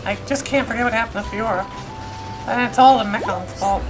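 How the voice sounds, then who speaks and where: Woman playing a soft-spoken earnest young man hero, polite, game music behind. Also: on the high side, brisk, lightly acted. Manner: soft, polite, a bit hesitant.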